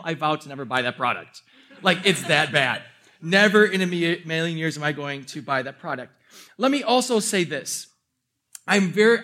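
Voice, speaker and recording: A young male pastor delivers a sermon with a fairly high voice. He tells funny, self-mocking stories and stays animated and expressive throughout.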